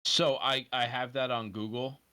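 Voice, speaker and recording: A man's voice: mid-range voice, steady tone, crowd noise. A man chatting as a guest on a game stream, laughing often and talking in an easygoing way. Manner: giggly, laughs often, slow drawl. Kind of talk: casual chat while gaming.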